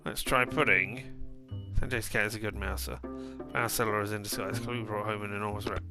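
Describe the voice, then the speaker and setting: A man's voice: on the low side, steady tone, a little fast, gravelly. A man casually commenting on a detective game, thinking aloud and reading out options as he plays. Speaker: let's play host. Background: game music.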